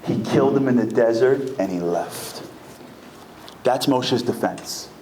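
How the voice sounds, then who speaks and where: A man giving a comic, fast-moving religious lecture, acting out the voices of the people in his stories. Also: mid-range voice, expressive, warm tone. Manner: comic, acts out quoted voices, rapid storytelling. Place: packed synagogue hall. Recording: echoey hall with faint room noise.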